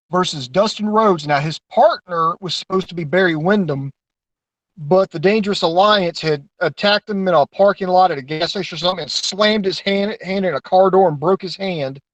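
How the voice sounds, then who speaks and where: A man co-hosting a casual podcast, telling stories in a profane, animated way. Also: high voice, dry recording, low-quality recording. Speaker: co-host. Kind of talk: casual podcast chat, storytelling.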